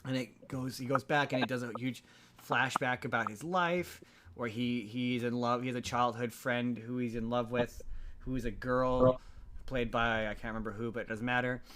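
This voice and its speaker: A man of medium pitch chats casually as a podcast host, recapping a story. He rambles, trips over his words and restarts sentences often. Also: steady tone, normal speed, a crowd in the background. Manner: rambling, frequent restarts and stammered repeats. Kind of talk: casual chat recapping a film.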